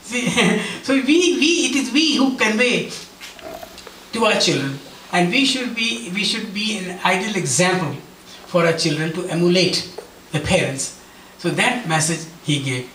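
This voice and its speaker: Earnest male speaker at a devotional gathering, higher voice, storytelling. Distant, roomy hall sound with faint background noise. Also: lively intonation, unhurried, sharp tone. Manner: earnest, storytelling, acts out quotes. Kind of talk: devotional talk with personal stories.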